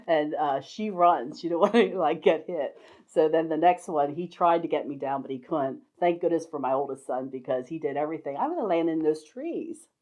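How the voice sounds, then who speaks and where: Low-voiced older woman telling stories. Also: expressive, normal speed, darkish tone. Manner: rambling, laughs often between anecdotes. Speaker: storyteller sharing life stories. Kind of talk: casual spoken memoir. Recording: dull lo-fi recording.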